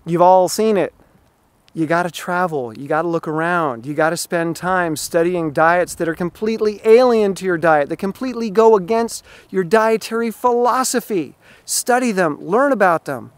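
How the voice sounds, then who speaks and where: A man speaks in a somewhat high voice, laying out his point with emphatic, explanatory energy. He records an outdoor vlog monologue beside a pond, pausing from a run to talk to the camera. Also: dry recording. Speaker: running vlogger.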